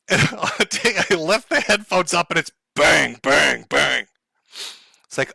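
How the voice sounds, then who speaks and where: A man's voice: on the high side, expressive, unhurried, gravelly, pauses often, pushed and bright, slightly rough, dry recording, clean studio sound. A man streaming live in casual chat, sarcastic and profane, laughing often as he talks to his chat.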